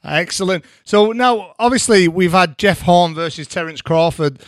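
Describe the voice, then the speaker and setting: Brief: chatty co-host, slightly high voice, dry close sound. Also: male voice, normal speed, no echo. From Salford, England. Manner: eager, chatty. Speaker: podcast co-host. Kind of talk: casual sports chat.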